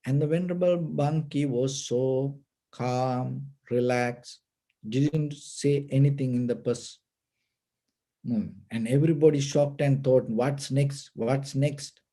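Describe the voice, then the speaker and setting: A man's voice: medium pitch, steady tone, mellow. A man giving a storytelling dharma talk as a meditation teacher, with patient, simple phrasing. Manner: slow, patient, simple non-native phrasing.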